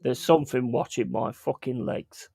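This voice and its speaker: A man's voice: mid-range voice, steady tone, moderate pace, creaky, dark tone, slightly rough, no room sound. A man telling rambling, profane holiday stories in a casual podcast chat. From England. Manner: profane, laughing, rambling anecdotes. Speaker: podcast host.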